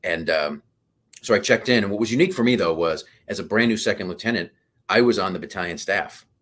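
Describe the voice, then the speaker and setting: A man in his fifties, a podcast guest telling animated stories in casual conversation. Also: sits low, fast.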